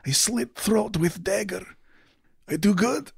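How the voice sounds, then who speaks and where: A man's voice: high-pitched, slow pace, vocal fry, husky, no echo, clean studio sound, pitched above the performer's own voice, heavily acted. A man voicing a dying older male Drow uncle who speaks in broken English, proud and strained.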